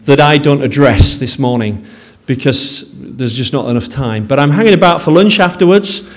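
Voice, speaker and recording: A man's voice: medium pitch, normal speed. A man with a Yorkshire accent, a pastor speaking to a congregation in a sermon, friendly and self-deprecating with some hesitations.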